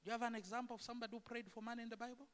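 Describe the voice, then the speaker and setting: A man preaching a sermon in a church, animated and full of rhetorical questions to the congregation. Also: very high voice, racing. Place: church sanctuary. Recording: echoey church hall.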